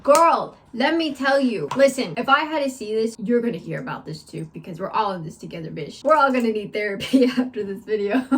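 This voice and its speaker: Young american woman, high voice, animated storytime vlog, swears a lot. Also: normal speed, a little hiss or hum. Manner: animated, swears freely, dramatic retelling. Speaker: vlogger.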